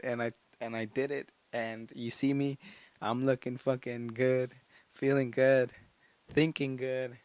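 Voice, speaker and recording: A teenage guy talks straight into his solo podcast, pumping himself up with blunt, profane encouragement. He circles back on the same phrases over and over, mid-pitched and unpolished. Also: little pitch movement, normal speed, dry recording. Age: late teens. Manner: fired-up self-talk, heavy swearing, repeats phrases. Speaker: podcast host. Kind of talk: casual solo motivational podcast monologue.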